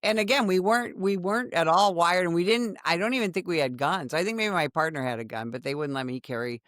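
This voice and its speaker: A woman in her sixties, a former undercover police officer, telling a story in a podcast conversation with dramatic, animated retelling. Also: on the low side, fast talker, dry recording, studio quality. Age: 60s.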